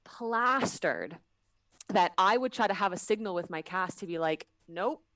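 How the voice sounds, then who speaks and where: Lively woman telling cruise stories. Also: fairly low pitch, recorded from a distance. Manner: animated storyteller, quick asides and laughs. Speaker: guest, cruise ship dancer. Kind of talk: casual podcast interview chat.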